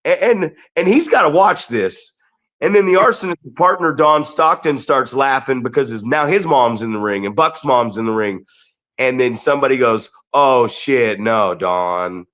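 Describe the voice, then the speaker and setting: A man co-hosting a wrestling podcast, telling stories in an animated, excitable way with lots of restarts. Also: mid-range voice, moderate pace. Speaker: podcast co-host and wrestling promoter. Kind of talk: casual storytelling chat.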